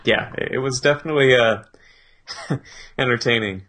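A man's voice: mid-range voice, normal speed, fairly bright tone. A man co-hosting a podcast in casual chat, easygoing, often laughing and restarting his sentences. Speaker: podcast co-host.

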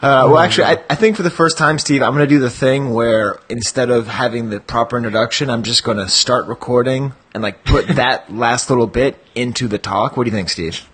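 A man's voice: medium pitch, a little fast, few pauses, a bit bright, breathy edge. A man co-hosting a collectors' podcast in casual, rambling chat, laughing often. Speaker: podcast co-host.

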